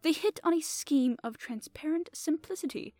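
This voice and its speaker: A woman reading aloud, voicing a fussy, polite middle-aged male detective who speaks with courteous, soft reproof. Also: sits high, normal speed, no echo, soft background music, pitched above the performer's own voice, close to an everyday voice. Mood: explaining.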